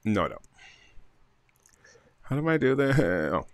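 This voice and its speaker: A man co-hosting a casual podcast chat over a video call, sassy, excitable and swearing freely. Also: on the low side, unhurried, no echo. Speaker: podcast co-host. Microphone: computer microphone on a video call.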